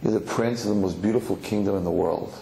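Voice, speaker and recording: A man's voice: lowish voice, quick pace, gravelly, dark tone, a little hiss or hum. A man telling a parable, voicing a mysterious old man who watches over a lost prince, in an echoey hall. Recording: echoey hall, faint ambience.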